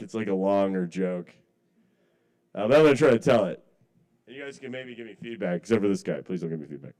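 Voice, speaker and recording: A man doing a stand-up set at a small cafe open mic. He rambles through his jokes with self-deprecating, apologetic asides, heard through a stage mic. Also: medium pitch.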